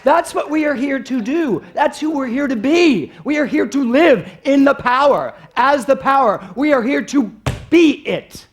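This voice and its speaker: A middle-aged man preaching a sermon in a playful, animated way, often asking the congregation questions. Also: extremely high pitch. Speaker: minister. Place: spiritual center with congregation.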